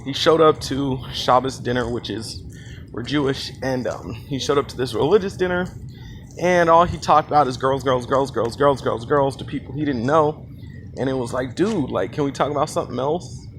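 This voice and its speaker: A man's voice: mid-range voice, normal speed. A man casually telling a story, rambling with fillers and asides. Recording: noisy background.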